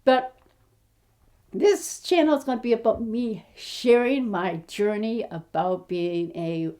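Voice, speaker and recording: A woman's voice: on the high side, takes it slowly, dark tone. An American woman of fifty chatting to camera about her acting journey, telling her story in a rambling, quirky way full of restarts. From United States. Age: 50s. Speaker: aspiring actress and vlogger. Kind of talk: casual chat to camera.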